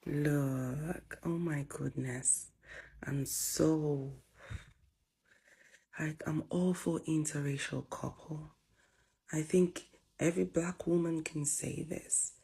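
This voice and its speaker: A woman's voice: low-pitched, fairly even intonation, slow pace, gravelly, long pauses, mellow, slightly rough. A woman giving emphatic reaction commentary, at times half-whispered.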